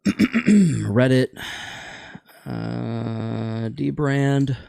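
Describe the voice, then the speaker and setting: A man's voice: medium pitch, very slow, creaky, mellow, no room sound, studio quality. A man hosting a casual gaming chat show, rambling and opinionated, stumbling over words now and then.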